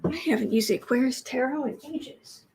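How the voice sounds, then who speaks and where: A woman from the United States hosts a tarot livestream and chats loosely with her viewers. Her voice sits a bit high, and she drifts from story to story in a casual, talkative way. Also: brisk, gravelly, darkish tone, breathy edge. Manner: chatty, digressive storytelling. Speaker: tarot reader, livestream host.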